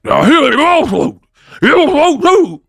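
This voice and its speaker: A sinister male clown monster taunts in a high, sing-song, mocking voice, as a man puts him on. The voice jumps well above his usual register and lands loud and dry, slowly drawn out. It sounds like a close, dead-sounding room with no echo. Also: very animated, gravelly, exaggerated voice. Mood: taunting. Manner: loud, breaking into laughter.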